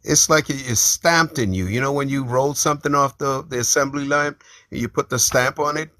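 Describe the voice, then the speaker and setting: A man's voice: mid-range voice, a little fast, pushed and bright, no echo. A man in a live stream debate, lecturing and emphatic, brushing off questions. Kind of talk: casual debate.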